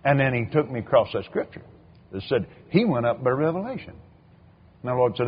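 An older man preaches at a slightly fast pace in a mid-range voice, animatedly telling stories, repeating words, and acting out quoted voices. The dull lo-fi recording carries a little hiss or hum.

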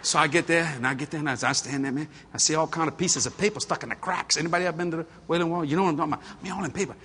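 A middle-aged man preaching a storytelling sermon, folksy and animated, laughing at his own stories. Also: fairly high pitch, very fast, slight background noise.

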